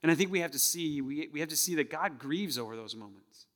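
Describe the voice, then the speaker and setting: Pastor preaching in a reverberant hall. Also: male voice, a little high, expressive, fast talker, a bit bright. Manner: conversational, keeps asking the crowd "right?". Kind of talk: sermon. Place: church sanctuary.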